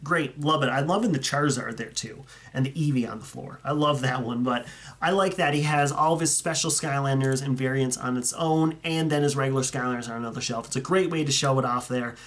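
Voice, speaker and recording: A man's voice: medium pitch, fairly quick, fairly bright tone. A young man chatting casually and enthusiastically as he reviews viewer photos, rambling and correcting himself as he goes. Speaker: YouTuber reviewing fan collections.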